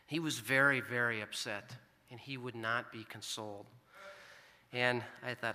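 A middle-aged American man delivers a sermon, recounting a family story in an earnest, conversational manner. His voice sits on the low side, with a moderate pace and a sharp tone. The recording carries a long hall reverb.

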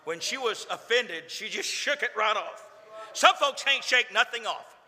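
Male preacher, fairly high, very bright and forceful tone, folksy delivery, church reverb. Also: animated, unhurried. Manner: folksy storytelling, building to impassioned peaks. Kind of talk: sermon. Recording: echoey hall reverb.

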